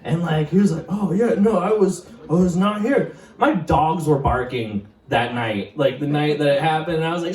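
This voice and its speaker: A man's voice: fairly high pitch, normal speed, recorded from a distance. A young man doing a stand-up set, rambling and profane, laughing at his own stories. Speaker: stand-up comedian. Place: comedy club stage. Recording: roomy stage mic, heard from afar, audience. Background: crowd laughing.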